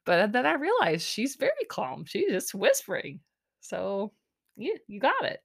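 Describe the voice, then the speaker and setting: A woman's voice: on the high side, wildly swooping pitch, moderate pace, vocal fry, husky. A woman casually recapping a show in a chatty, sarcastic way, with lots of fillers.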